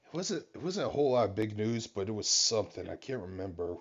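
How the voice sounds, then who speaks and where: A man's voice: lowish voice, big pitch swings, fast talker, husky. A man co-hosting a podcast, chatting casually and rambling with loose profanity. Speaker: podcast co-host. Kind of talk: casual chat. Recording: dull lo-fi sound.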